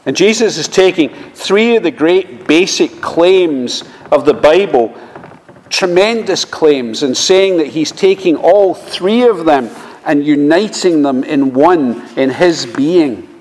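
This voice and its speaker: Slow-preaching man in a reverberant hall. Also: a little high, lively intonation, a little mellow. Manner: slow, measured preaching with quoted scripture. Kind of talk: sermon. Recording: long reverb of a large hall.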